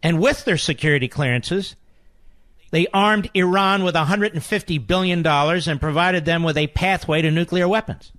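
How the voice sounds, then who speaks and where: A man's voice: a little high, moderate pace, fairly bright tone, no room sound. A man hosting a talk radio show, delivering an indignant political monologue with heavy repetition.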